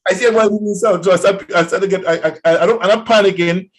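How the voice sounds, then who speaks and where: A man's voice: high voice, steady tone, racing, rough recording. Man, radio interview guest, earnest warning tone.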